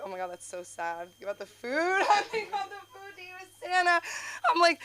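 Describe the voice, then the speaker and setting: A young woman doing open-mic stand-up, rambling with lots of fillers and sudden high jumps in her voice. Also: very animated, normal speed, a bit bright, slight background noise. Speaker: stand-up comedian. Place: comedy club stage.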